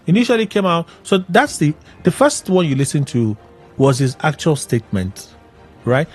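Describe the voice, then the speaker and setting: A man hosting a radio show, recapping in an animated, exclaiming way. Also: a little high, normal speed, breathy edge, soft background music. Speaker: radio host. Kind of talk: casual radio commentary.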